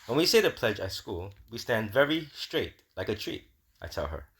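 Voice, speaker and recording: A man reading a children's picture book aloud, slow, steady and gentle. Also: fairly low pitch. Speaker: storybook reader.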